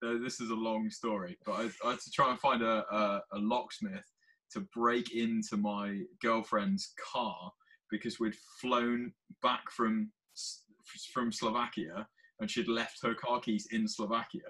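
A man co-hosting a podcast, telling stories in an animated way. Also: lowish voice, unhurried, rough recording. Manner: animated storyteller. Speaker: podcast co-host. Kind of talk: casual chat.

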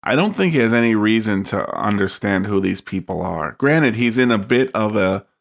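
A man co-hosting a casual chat about a movie, with a smooth radio-style delivery. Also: lowish voice, expressive, moderate pace. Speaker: podcast co-host.

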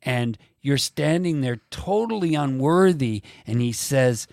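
A man hosting a faith conversation, reading quotes slowly and emphatically like a preacher. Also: mid-range voice, expressive, gravelly, darkish tone, no echo, clean studio sound. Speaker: podcast host.

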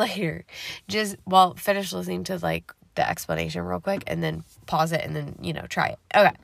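A woman's voice: mid-range voice, a bit bright, dry recording. Tired but upbeat woman host, casual solo podcast chat, dry sound. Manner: chatty and upbeat, playful slang. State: tired, yawning. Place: dark home garage.

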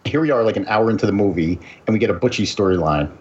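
A man's voice: fairly low pitch, expressive, fast talker. A man co-hosting a podcast, casually and dryly critiquing a film. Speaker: podcast co-host. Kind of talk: casual chat about a film. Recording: slightly muffled, faint noise.

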